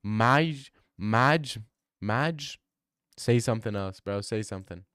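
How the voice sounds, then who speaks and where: A man's voice: on the low side, expressive, slow pace, fairly bright tone, clean tone, no room sound, clean studio sound. A man streaming live, chatting casually with his viewers in a rambling, joking way. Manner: rambling, joking banter with chat. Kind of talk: casual livestream chat.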